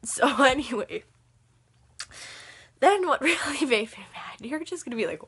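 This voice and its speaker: A young woman telling a rambling story on her vlog, laughing often as she talks, with a slightly husky voice. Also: high voice, animated, a little slow, a bit bright. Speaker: vlogger.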